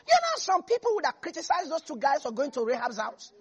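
A woman's voice: high voice, wildly swooping pitch, fast talker, lo-fi sound, a faint crowd. A woman preaching a sermon, emphatic and playful, repeating lines for effect. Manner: emphatic, repeats phrases, jokes and laughs between points.

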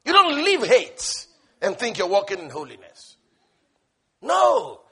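A man preaching a sermon, impassioned and repetitive, swinging between shouting and hushed tones. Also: high-pitched, huge pitch swings, moderate pace, husky.

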